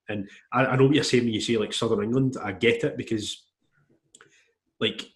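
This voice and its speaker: A man hosts a podcast and talks quickly. He tells animated stories and swears casually as he goes. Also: mid-range voice. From Scotland. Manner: storytelling, swearing freely, animated. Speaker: podcast host.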